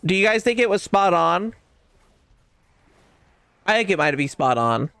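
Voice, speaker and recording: A man's voice: high-pitched, big pitch swings, a little slow, creaky, a bit bright, clean tone, no room sound. Teasing man streaming a game. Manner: playful, teasing, boastful. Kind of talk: casual gaming chat.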